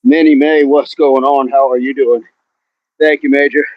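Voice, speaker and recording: A man's voice: mid-range voice, little pitch movement, normal speed, dry recording, lo-fi sound. A man hosting a live outdoor workout stream, out of breath as he exercises and greets viewers by name between sets. He talks into a phone propped against a tree at the bottom of a hill. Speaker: fitness livestream host.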